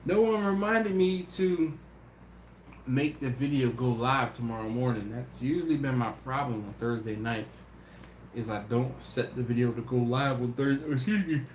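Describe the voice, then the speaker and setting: Tired man telling animated stories. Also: medium pitch, normal speed. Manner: animated storytelling, voices his friends. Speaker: BBQ channel host. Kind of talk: casual livestream chat. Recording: echoey room with faint noise.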